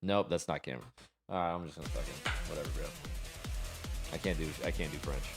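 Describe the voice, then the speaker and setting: A man's voice: very deep voice, fast, over loud music. A young man streaming a watch party, chatting loosely, swearing often and joking with himself. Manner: swears a lot, rambling, laughs at himself. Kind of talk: casual chat, profane and loose.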